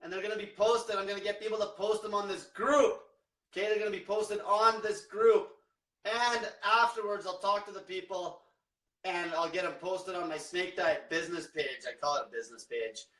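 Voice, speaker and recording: A man's voice: high-pitched, fairly even intonation, normal speed, pushed and bright, reverberant, far from the mic, low-quality recording. A man coaching in a profane, blunt livestream rant, repeating himself. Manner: profane, blunt, repetitive, fired-up. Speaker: diet coach.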